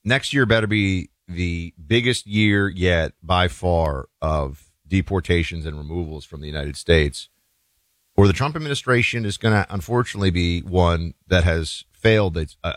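A man's voice: low voice, no room sound. A man hosting a talk show, giving an emphatic, opinionated monologue with folksy asides to the listeners.

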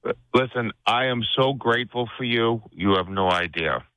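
A man's voice: mid-range voice, normal speed, a bit bright, no room sound, rough recording. A man calling in to a radio show, talking eagerly and effusively. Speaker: caller. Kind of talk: radio call-in.

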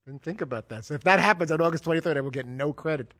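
A man's voice: fairly high pitch, rapid-fire, fairly bright tone, no echo. A man co-hosting a sports talk show, playful and joking. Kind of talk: casual studio banter.

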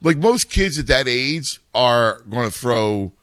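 A man's voice: mid-range voice, expressive, slow, fairly bright tone, dry recording. A middle-aged man, a youth baseball coach and parent, talking in casual chat, rambling with many restarts.

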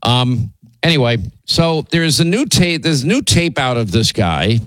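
Male radio host, indignant and rambling, mid-pitched, dry close mic. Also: animated, measured pace, fairly bright tone, dry recording. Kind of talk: talk radio commentary.

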